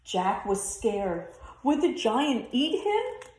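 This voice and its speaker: A woman teacher reads a children's story aloud slowly and expressively, her pitch rising and falling widely. The recording has a roomy echo.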